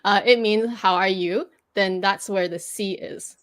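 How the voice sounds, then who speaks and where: A woman's voice: medium pitch, fairly even intonation, measured pace, a bit bright. A woman hosting a livestream, patiently explaining pronunciation rules step by step and laughing easily. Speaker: host teaching pronunciation.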